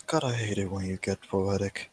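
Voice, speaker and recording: Dry, low-voiced male tabletop player. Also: steady tone, moderate pace, breathy edge, no room sound, low-quality recording.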